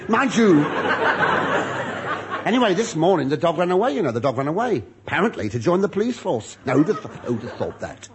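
A man's voice: fairly high pitch, background noise. A man telling a rambling, self-mocking comic monologue with muttered asides. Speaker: comedian.

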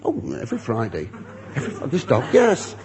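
A man's voice: medium pitch, huge pitch swings, brisk, background noise. A man telling a rambling, self-mocking comic monologue with muttered asides. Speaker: comedian.

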